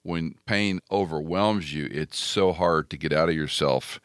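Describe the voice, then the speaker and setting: Deep-voiced sympathetic male interviewer. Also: unhurried, fairly bright tone, clean tone, dry recording, clean studio sound. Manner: sympathetic, finishes the guest's sentences.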